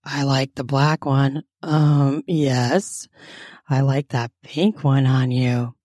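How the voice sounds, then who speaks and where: Woman doing a low husky young woman, flippant, offhand, storybook character. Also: fairly even intonation, takes it slowly, warm tone, no echo, studio quality, heavily acted.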